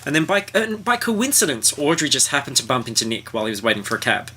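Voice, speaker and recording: A man's voice: medium pitch, quick pace, pushed and bright, slightly rough. A man hosting a casual podcast, recapping a book in a wry, mocking way. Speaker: podcast host.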